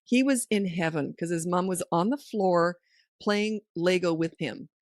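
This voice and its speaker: A woman's voice: on the low side, a little slow, no echo, studio quality. A middle-aged woman hosting a parenting podcast, giving down-to-earth advice and telling stories that act out what people said. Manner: anecdotal, down-to-earth, acts out quoted lines. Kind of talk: casual advice chat.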